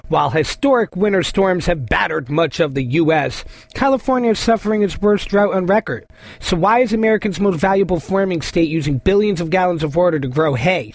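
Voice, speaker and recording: A man's voice: on the high side, no room sound. A man hosting a podcast, reading news headlines aloud and adding profane, joking asides, stumbling over hard names. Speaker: podcast host. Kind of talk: reading headlines with casual commentary.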